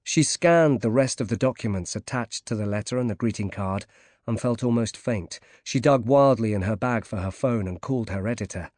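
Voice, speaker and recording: Dry, steady male audiobook narrator. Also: fairly low pitch, moderate pace, dry recording. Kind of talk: scripted narration.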